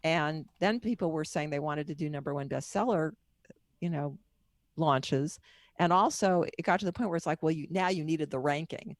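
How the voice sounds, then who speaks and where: A woman's voice: low-pitched, moderate pace, no echo. A middle-aged woman being interviewed as a guest author and coach, telling her story in a candid, personal, wandering way.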